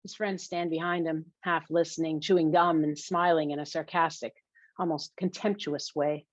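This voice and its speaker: A woman's voice: low-pitched, steady tone, normal speed, no room sound. A woman narrating a first-person novel in a confessional, wry way, in a muffled lo-fi recording. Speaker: audiobook narrator. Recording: dull, dry lo-fi recording.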